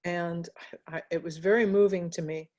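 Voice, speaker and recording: A woman's voice: lowish voice, steady tone, a little mellow. Reflective American woman in an interview. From United States. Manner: reflective, pausing with fillers and restarts. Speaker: interviewee, graphic novelist. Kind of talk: casual interview conversation.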